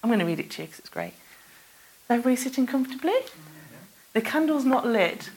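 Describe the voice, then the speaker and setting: A woman reading a children's story aloud in a gentle, soft-spoken way, giving the characters their own lines. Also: fairly high pitch, sing-song, a little fast, husky.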